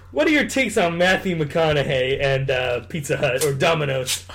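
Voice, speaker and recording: A man's voice: fairly high pitch, expressive, moderate pace, creaky, a bit bright, faint music behind. Goofy, teasing young male podcast host. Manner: goofy, teasing, sound effects. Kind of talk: casual joking chat.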